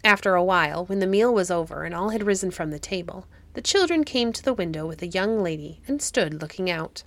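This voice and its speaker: A woman narrating a classic fairy-tale audiobook in a measured storytelling manner. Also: lowish voice, animated, a bit bright.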